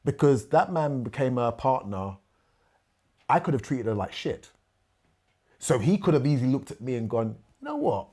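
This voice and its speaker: A middle-aged man, a podcast guest telling a candid story in an animated way and acting out what other people said. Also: medium pitch, moderate pace, pauses often.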